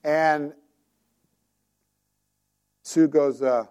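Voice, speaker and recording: Mellow-voiced male preacher telling stories. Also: on the high side, steady tone, very slow, clear, resonant tone. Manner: conversational storytelling with direct questions to listeners. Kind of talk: sermon.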